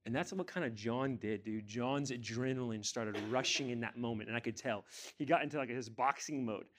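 A man's voice: mid-range voice, a little fast, noisy background. Emphatic male pastor preaching. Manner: emphatic, rising to forceful climaxes; asks the congregation rhetorical questions. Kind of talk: sermon.

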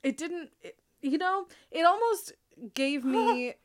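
A woman's voice: high voice, animated, slow. A young woman co-hosting a podcast in casual chat, giggly and rambling, often restarting her sentences. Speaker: podcast co-host.

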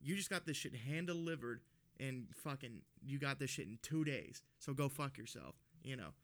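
A man's voice: mid-range voice, animated, normal speed, a bit bright. Heated, swearing man ranting on a podcast. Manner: profane, ranting storyteller with laughs. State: still worked up and heated. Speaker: podcast co-host. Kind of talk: casual podcast chat.

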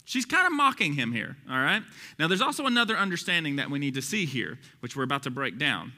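A man's voice: mid-range voice, lively intonation, fast, sharp tone, big-room sound. A man preaching a conversational sermon, explaining scripture with chuckling asides.

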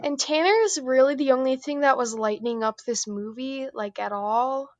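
A woman's voice: high voice, normal speed, no echo, muffled recording. A woman guesting on a podcast, chatting casually in a meandering, hesitant way full of "like". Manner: meandering, hesitant, heavy use of "like". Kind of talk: casual chat.

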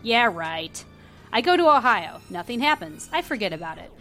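A woman reading stories aloud on a casual podcast, playful and quick to laugh. Her voice sits a little high and swings widely as she talks. Faint music plays behind her. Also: vocal fry. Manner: animated, laughs often, playful.

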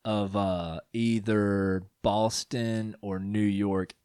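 A man's voice: fairly low pitch, steady tone, very slow, darkish tone, clean tone, no room sound, clean studio sound. A man co-hosting a casual podcast chat, joking and rambling through stories. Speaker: podcast co-host.

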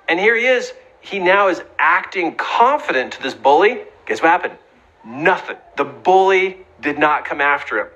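A man's voice: fairly high pitch, very animated, normal speed, fairly bright tone, poor audio. A middle-aged man giving an earnest, emphatic motivational talk, sometimes acting out the voices in his stories. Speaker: speaker giving advice on bullying.

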